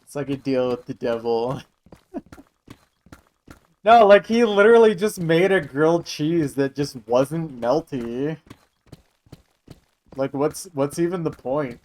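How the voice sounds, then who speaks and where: A man's voice: on the high side, expressive, takes it slowly, long pauses, darkish tone, low-quality recording. A young man from Michigan, chatting casually and joking with his live-stream viewers. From Michigan, USA. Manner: chatty, joking, answering chat.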